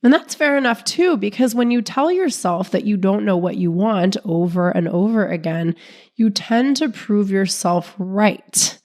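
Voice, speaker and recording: A woman relationship coach hosting her own podcast, talking calmly and steadily while sick, her voice sounding off from illness. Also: medium pitch, measured pace. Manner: calm, steady, non-judgmental explaining. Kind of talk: solo podcast talk.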